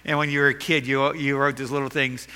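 A man's voice: medium pitch, flat delivery, quick pace, sharp tone, clean tone, in a large hall. A man preaching a sermon as pastor, earnest and emphatic, with self-deprecating jokes.

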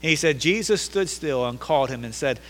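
A male pastor preaching a sermon, emphatic and repetitive, swinging between loud declarations and hushed lines in a church sanctuary. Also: a little high, expressive, fairly quick. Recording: long hall reverb.

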